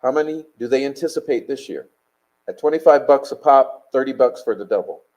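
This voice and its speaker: A man's voice: medium pitch, a little fast, a little mellow, low-quality recording. A man hosting a live stream, reading chat and talking bluntly, combative and profane.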